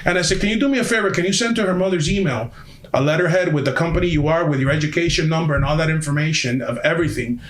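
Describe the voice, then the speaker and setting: A man's voice: fairly high pitch, fast talker, reverberant. A man telling a story on a podcast in a heated, emphatic way, swearing often. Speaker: podcast guest. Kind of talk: casual storytelling.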